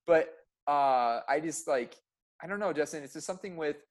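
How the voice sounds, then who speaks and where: A young adult man who works as a medical practitioner speaks intensely and bluntly in a casual podcast conversation, swearing freely. His pitch is fairly high and his pace moderate.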